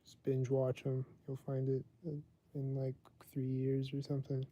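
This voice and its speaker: A man's voice: medium pitch, monotone, measured pace, mellow. A man hosting his own livestream podcast, talking casually and rambling with lots of "like" fillers. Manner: rambling, heavy use of "like". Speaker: livestream host.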